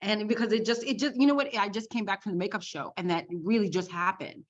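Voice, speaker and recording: A woman guest telling a story in a casual, animated way, laughing along. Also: medium pitch, fast talker. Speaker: podcast guest, makeup artist. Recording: dull lo-fi sound.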